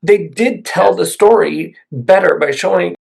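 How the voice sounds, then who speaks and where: A man's voice: high voice, measured pace, gravelly, a little mellow, breathy edge. A man co-hosting a casual podcast, rambling through his points and laughing often. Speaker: podcast co-host. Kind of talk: casual chat.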